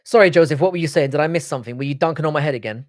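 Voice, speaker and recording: A man's voice: fairly high pitch, rapid-fire, dry recording, studio quality. Sweary man hosting a live stream. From Britain. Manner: joking, sweary banter with chat. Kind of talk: casual live-stream chat reading viewer comments.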